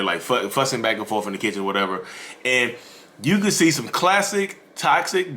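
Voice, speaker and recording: A man hosting a mental health channel, giving casual, animated commentary to his viewers and acting out quoted lines. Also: lowish voice, slight background noise. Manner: animated, addresses viewers as y'all, acts out quotes.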